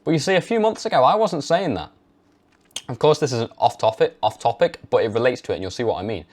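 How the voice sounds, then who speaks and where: A man's voice: medium pitch, expressive, fast talker, darkish tone. A young man giving emphatic health advice straight to camera in a vlog. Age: young adult. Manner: emphatic, mocks hesitant speech. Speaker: health vlogger. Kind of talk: direct-to-camera advice monologue.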